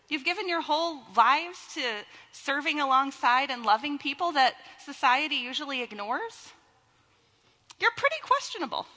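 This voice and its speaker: A woman's voice: high-pitched, sharp tone. A young woman giving a sermon as a pastor, with playful, teasing asides to her congregation. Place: church sanctuary. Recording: long reverb of a church hall.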